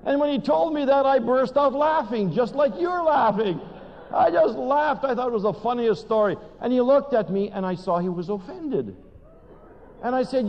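An older man preaching a sermon, telling funny stories in an animated way and putting questions to his listeners. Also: very high voice, normal speed. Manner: animated storytelling, asks the audience questions. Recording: dull recording in a long-reverb hall.

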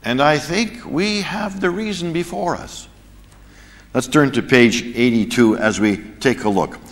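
A man's voice: fairly high pitch, a little slow. Man preaching in a reverberant hall. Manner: storytelling, animated, chuckles at his own jokes. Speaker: preacher teaching a church class. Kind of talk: sermon with anecdote.

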